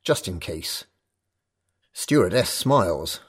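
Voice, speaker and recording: A man's voice: deep voice, animated, slow pace, husky. A man narrating a first-person audio story in clipped, tense fragments.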